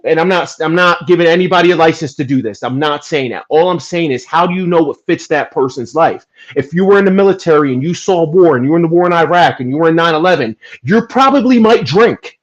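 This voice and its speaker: A man from New Jersey talking earnestly and emphatically in a casual podcast chat, making his case with animated bursts. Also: a little high, quick pace. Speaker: podcast guest. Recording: dull lo-fi audio.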